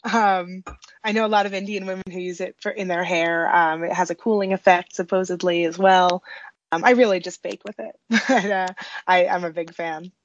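A woman's voice: lowish voice, fairly even intonation, normal speed, dull audio. A woman baker, a guest on a radio show, talking hesitantly with many fillers and small laughs. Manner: hesitant, many ums and uhs, giggly. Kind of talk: casual interview chat.

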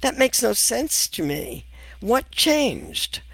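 A woman's voice: a little high, huge pitch swings, slow, vocal fry, fairly bright tone, slightly rough, dry recording. An older woman, a nutritionist guest in an interview, telling stories in a wry, amused way and laughing as she talks. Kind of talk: conversational interview.

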